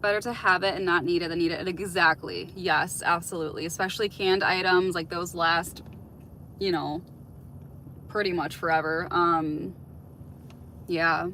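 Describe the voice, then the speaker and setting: A woman hosts a casual livestream in a fairly low, steady voice that sounds bright and forceful, speaking at normal speed over a low-quality recording with slight background noise. She chats with viewers and answers their comments, giving open, reflective advice peppered with plenty of "like" and "um."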